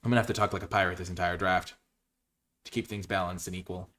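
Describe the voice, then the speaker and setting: A man's voice: deep voice, steady tone, fast, a bit bright. A man voicing a swaggering male pirate captain, drawling old sea-dog talk full of "arr" and "aye". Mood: jolly.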